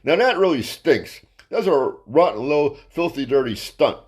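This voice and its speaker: A man's voice: a little high, animated, unhurried, husky. A man, a stand-up comedian, telling a crude, rambling story in a ranting style and tripping over his words. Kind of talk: profane comic storytelling monologue.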